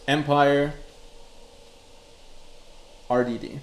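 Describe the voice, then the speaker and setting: A man teaches a live-streamed crypto chart class in a mid-range, darkish voice at a moderate pace. He reads out chat messages and explains the charts in a relaxed, conversational style. There is a roomy echo plus a little hiss or hum.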